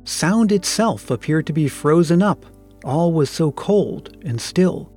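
A man reading a classic story aloud in a measured, expressive narration. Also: fairly high pitch, slightly rough. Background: faint music.

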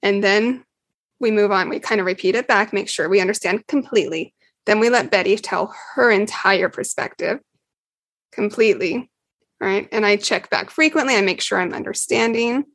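A woman, a mother, calmly explaining parenting steps in a podcast interview. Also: medium pitch, normal speed, no echo. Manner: calm, explanatory, acts out quotes with laughs. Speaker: parenting guest.

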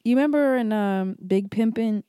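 A woman's voice: fairly high pitch, moderate pace, warm tone, clear, resonant tone, dry recording, clean studio sound. A woman co-hosting a podcast, playful, teasing and profane in casual chat. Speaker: podcast co-host.

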